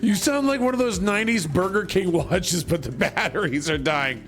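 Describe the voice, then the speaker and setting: A man's voice: high voice, moderate pace, soft background music. A man in his thirties chatting casually while he plays a game on stream, rambling and joking. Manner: animated, rambling, jokey.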